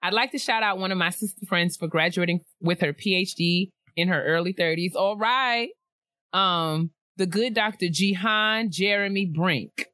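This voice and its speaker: A young woman co-hosting a casual chat show, reading out listener emails with lively, laughing asides. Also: on the low side, normal speed, no room sound. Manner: animated, laughing often, playful asides. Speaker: podcast co-host.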